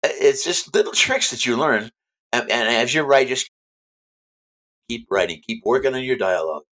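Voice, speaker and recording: A man's voice: medium pitch, expressive, moderate pace, pushed and bright. A man being interviewed as an author, talking in a chatty, emphatic way and often repeating himself. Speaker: author guest. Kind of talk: casual interview chat.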